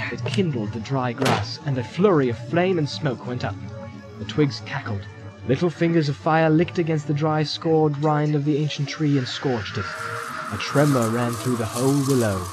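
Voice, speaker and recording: A man narrates a fantasy audiobook in a measured, vivid way, with a voice that sits a little above the usual male range. A music score plays throughout behind him. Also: fairly high pitch, low-quality recording.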